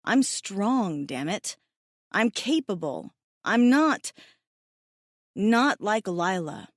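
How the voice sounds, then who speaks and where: A woman's voice: mid-range voice, big pitch swings, extremely slow, dry recording, studio quality. A woman narrating a first-person romance audiobook in an emotive, tearful, self-mocking way.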